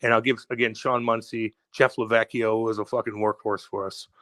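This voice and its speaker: A podcast co-host with a lowish, brisk voice tells a rowdy story in casual, profane chat. He animates it with acted-out quotes, and the recording has no room sound.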